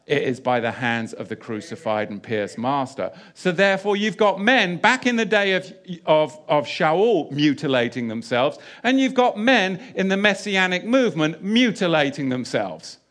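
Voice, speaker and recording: A man preaching a sermon, mixing loud emphatic bursts with quieter scripture reading, full of rhetorical questions and repeated phrases. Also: fairly high pitch, expressive, normal speed, hardly any pauses.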